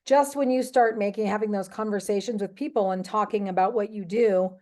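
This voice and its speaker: A woman on a travel sales team sharing networking ideas in casual chat, hesitant, with many fillers and some throat clearing. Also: medium pitch, fairly even intonation, brisk, mellow.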